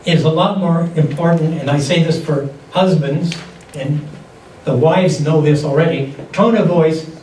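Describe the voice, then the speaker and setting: An older man teaches a seminar in a loose, storytelling style, often restarting his sentences. His voice sits a little high and is picked up from a distance in a roomy hall. A faint hiss runs underneath. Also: a little mellow. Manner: conversational, anecdotal teaching with frequent restarts. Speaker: seminar speaker. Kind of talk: lecture on holistic health. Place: lecture hall. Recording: echoey hall, distant mic, faint noise.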